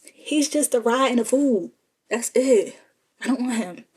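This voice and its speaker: A woman's voice: a little high, expressive, unhurried, a little mellow, slightly rough. A young woman telling a casual, sassy story and talking straight to her listeners as y'all. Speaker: storyteller vlogger.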